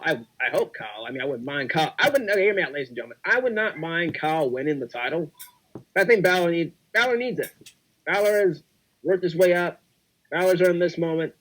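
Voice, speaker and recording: A young man talks casually on a podcast, excitable and full of hype, driving each point home by repeating it. His voice sits fairly high for a man. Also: rough recording. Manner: excitable, repetitive hype talk. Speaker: podcast co-host.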